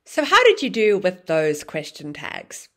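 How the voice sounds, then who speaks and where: A woman teaching an English grammar lesson, explaining clearly and acting out example phrases with exaggerated rising and falling intonation. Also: on the low side, wildly swooping pitch, measured pace.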